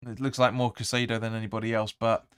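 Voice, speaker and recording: A man's voice: on the low side, flat delivery, quick pace, fairly bright tone, smooth, no room sound. Man doing rambling football watch-along commentary. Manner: rambling, restarts often, erupts when urging players. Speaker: fan channel host.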